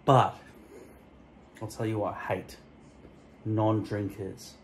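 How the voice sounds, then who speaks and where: A man's voice: fairly low pitch, fairly even intonation, moderate pace, a little mellow, a little hiss or hum, rough recording. A man vlogging a rambling, profane rant full of tangents and mock-offensive jokes, filmed on a phone stuck to a mirror at home. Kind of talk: rambling solo rant to camera. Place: indoors at home, in front of a mirror. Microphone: phone camera stuck to a mirror.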